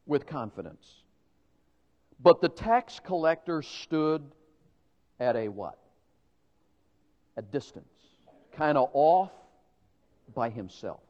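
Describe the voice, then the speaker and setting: High, lively preacher in echoing hall. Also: male voice. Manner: emphatic, dramatic preaching with rhetorical questions. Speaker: pastor. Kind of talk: sermon. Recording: dull lo-fi recording with long hall reverb.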